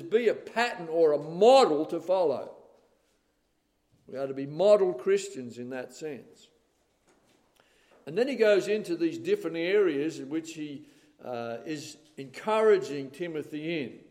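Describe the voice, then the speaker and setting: Older male preacher, emphatic sermon delivery, slightly high voice, long church reverb. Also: animated, unhurried. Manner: emphatic, rising to loud stresses, calls of "amen?". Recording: reverberant hall.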